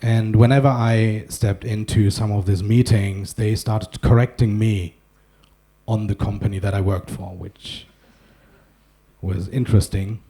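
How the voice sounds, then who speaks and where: Dark, husky-voiced German man joking. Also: lowish voice, fairly even intonation, unhurried. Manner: wry, self-deprecating storytelling with asides. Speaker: conference speaker. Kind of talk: humorous keynote talk. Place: conference hall.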